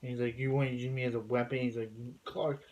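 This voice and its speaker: A man's voice: mid-range voice, flat delivery, racing, a little mellow, poor audio. A man casually recapping a TV episode, rambling and filling gaps with many fillers and restarts. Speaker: TV episode reviewer.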